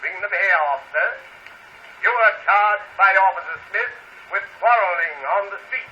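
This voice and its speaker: A stern judge who hands down brisk, scolding rulings. His voice is fairly high, bright and hard-edged. It is heard on an early cylinder that sounds dull and lo-fi, with a faint hiss. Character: stern, gruff small-town male judge. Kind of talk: vaudeville comedy sketch.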